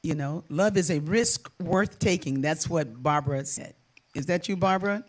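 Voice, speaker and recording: An older woman hosting a casual live chat, warm and playful, laughing often. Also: low voice, normal speed. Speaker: host and singer.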